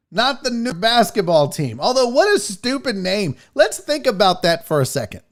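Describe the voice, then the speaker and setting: High, lively-voiced man riffing on his podcast. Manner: rambling, jokey and profane. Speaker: podcast host. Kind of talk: casual live podcast chat.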